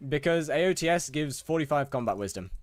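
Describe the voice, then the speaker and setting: A man's voice: on the high side, lively intonation, fairly quick, no echo. A young British man casually chatting with his viewers while gaming, often stammering and repeating words. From United Kingdom. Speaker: streamer. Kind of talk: casual live-stream chat while gaming.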